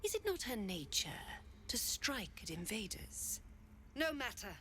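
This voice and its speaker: An actress playing a proud, cold druid leader who speaks in haughty, commanding, clipped pronouncements. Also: female voice, fairly high pitch, huge pitch swings, a little slow, pushed and bright, faint music behind, full character voice.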